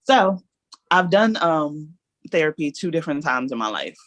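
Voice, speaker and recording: A woman's voice: low voice, sing-song, moderate pace, no echo. A woman guest on a podcast, telling her own story candidly in long, earnest reflections.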